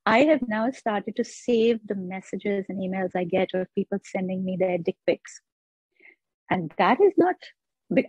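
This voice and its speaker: A woman's voice: medium pitch, darkish tone, slightly rough, no echo. A woman, speaking earnestly as an interview guest about changing old narratives. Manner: earnest, quotes others in mock voices. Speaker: interview guest, author on sexuality. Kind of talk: reflective interview talk. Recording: dull lo-fi sound.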